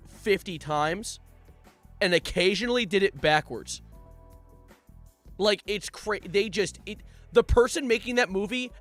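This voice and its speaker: Young male streamer, bright and slightly high, jokey casual chat, faint music behind. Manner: jokey, animated, reads donations aloud. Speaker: live streamer.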